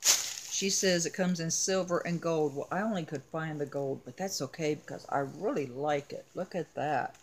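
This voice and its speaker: A woman in a casual vlog, showing off her craft supply haul, talking in an unhurried, chatty way with frequent ums. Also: low voice, breathy edge. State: has the hiccups. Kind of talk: casual show-and-tell.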